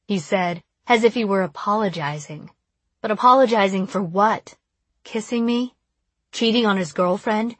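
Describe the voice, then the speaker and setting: A woman reading a first-person novel as an audiobook, in a soft, measured, introspective way. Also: medium pitch, no room sound. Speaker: audiobook narrator.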